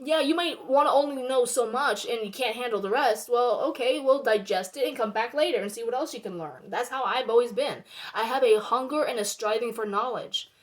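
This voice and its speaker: A young woman with a high voice vents to her viewers in a heated monologue. She swears freely and circles back to the same points. She keeps pressing the audience with rhetorical questions. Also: brisk, hardly any pauses. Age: young adult. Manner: heated and indignant, swearing, repeating herself. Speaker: vlogger.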